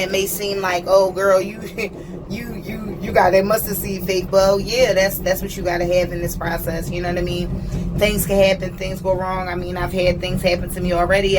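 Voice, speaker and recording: A woman talking in a casual personal vlog on a train, chatty and earnest, often checking in with "you know what I mean". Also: lowish voice. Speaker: vlogger. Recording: distant mic with train noise.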